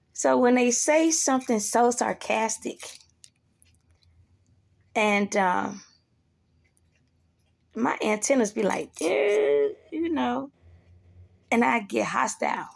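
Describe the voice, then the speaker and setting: A woman vlogger with a gravelly, creaky voice, pitched a little high, talks slowly and bluntly. She swears freely and acts out the people she quotes. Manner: blunt, profane, animated quoting of others. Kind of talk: casual monologue.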